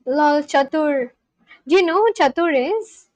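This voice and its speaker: A woman's voice: extremely high pitch, animated, slow, long pauses, dry recording, low-quality recording. A woman from India, hosting a casual livestream, chatting and giggling as she answers viewers' messages. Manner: chatty, giggly, reads chat messages aloud and answers them. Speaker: livestream host.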